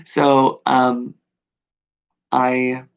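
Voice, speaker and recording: A man recording a personal video journal, talking in a reflective, halting way with many pauses and fillers. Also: medium pitch, completely flat delivery, gravelly, clean tone. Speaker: video diarist. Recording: dull lo-fi recording.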